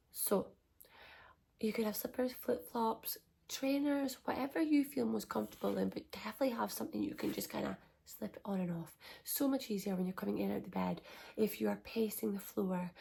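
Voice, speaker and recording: Young woman, gravelly and husky, soft reassuring parenting vlog chat. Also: medium pitch. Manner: soft, chatty and reassuring, often near a whisper. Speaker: parenting vlogger, first-time mum. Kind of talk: casual advice chat to camera.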